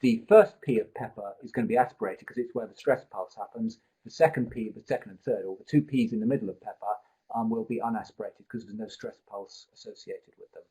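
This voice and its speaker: A man's voice: fairly low pitch, quick pace, mellow, breathy edge, poor audio. A man tutoring a live online pronunciation seminar, explaining at length and thinking aloud with restarts, speaking into a computer mic.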